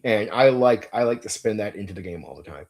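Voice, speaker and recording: Speaking with a fairly low pitch, lively intonation and a brisk, slightly mellow tone, a game master and channel host runs a casual stream on tabletop games. He swears freely, sounds enthusiastic and emphatic, and repeats words as he thinks aloud.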